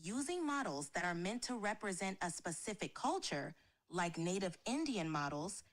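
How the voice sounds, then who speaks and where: A computer-generated woman's voice speaks as a chat assistant. Her delivery is even, courteous and a little apologetic, with neat scripted phrasing. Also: on the low side, moderate pace. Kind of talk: chatbot replies, polite and scripted.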